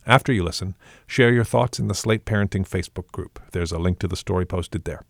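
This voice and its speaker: Gravelly-voiced man hosting a podcast. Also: low voice, a little fast, no room sound, clean studio sound. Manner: friendly, direct address to listeners. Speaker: podcast host. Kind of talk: scripted promo read.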